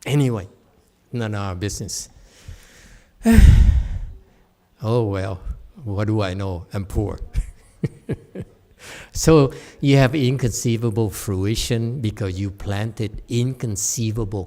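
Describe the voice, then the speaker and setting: A man's voice: lowish voice, slow, warm tone. A middle-aged man, a Buddhist teacher, giving a chatty dharma lecture with digressive asides and frequent laughs. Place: temple hall.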